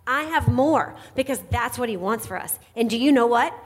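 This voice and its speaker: A middle-aged woman giving an earnest, confessional sermon, animated when she quotes herself. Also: fairly high pitch, quick pace. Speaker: pastor's wife, co-speaker.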